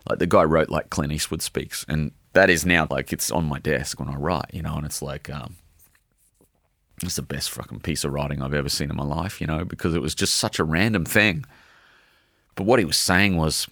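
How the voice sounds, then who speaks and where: A man's voice: extremely low pitch, moderate pace, vocal fry, fairly bright tone, dry recording, clean studio sound. A man, middle-aged, an author talking in an interview, earnest and heartfelt, swearing casually. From Australia. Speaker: author guest. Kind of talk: emotional interview talk.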